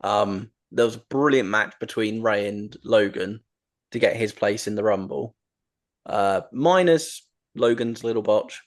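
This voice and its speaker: A man's voice: on the low side, unhurried. A man hosting a wrestling podcast, chatting casually and enthusiastically, with lots of ums and restarts. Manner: rambling, enthusiastic, frequent ums. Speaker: podcast host.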